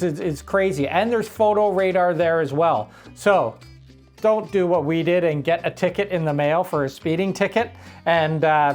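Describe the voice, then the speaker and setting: Relaxed man explaining travel tips. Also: a little high. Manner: relaxed, explanatory, a bit rambling. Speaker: travel vlogger co-host. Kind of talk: casual travel tips chat.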